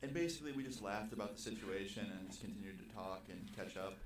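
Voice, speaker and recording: Young man, low-ish voice, animated storyteller who swears freely, casual vlog, played back roomy and far off. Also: fast talker. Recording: roomy, distant video playback with faint noise.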